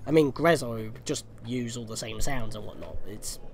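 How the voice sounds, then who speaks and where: A man's voice: medium pitch, normal speed. A young man giving rambling, chatty commentary over a video game walkthrough, often correcting himself mid-sentence. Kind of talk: casual gameplay commentary. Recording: game music faintly behind.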